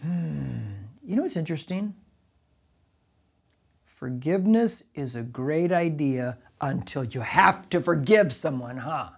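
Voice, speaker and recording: A male pastor giving a conversational verse-by-verse sermon, reading scripture and breaking in with lively asides. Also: on the high side, slow pace, vocal fry, slightly rough. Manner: conversational, animated preaching with asides.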